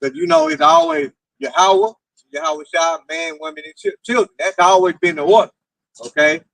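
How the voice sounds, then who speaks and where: A man's voice: high-pitched, expressive, normal speed, vocal fry, fairly bright tone, no echo, poor audio. A man in a religious group discussion, preaching and citing scripture.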